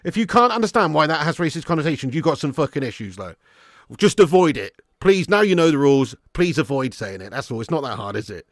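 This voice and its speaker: A man hosting a live football watch-along, commentating and reading viewer chat, excitable and swearing freely. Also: a little high, fast talker, no room sound, studio quality. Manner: excitable, swears freely, swings from muttering to shouting. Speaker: fan channel host.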